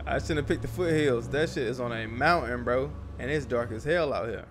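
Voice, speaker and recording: A young man talks his way through a survival game, swearing freely and muttering at the screen. His pitch sits in the middle of the male range. Game noise runs clearly behind him. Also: fairly quick, few pauses. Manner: loose, profane, talks to himself and the game. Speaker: gaming YouTuber. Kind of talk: casual gameplay commentary.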